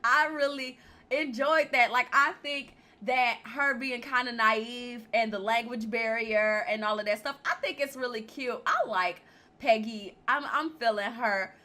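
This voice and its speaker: A woman's voice: a little high, a little slow. A woman vlogging a casual, blunt, laughing recap of a reality show, speaking with features. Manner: chatty, animated, laughing often, blunt opinions. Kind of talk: casual chat.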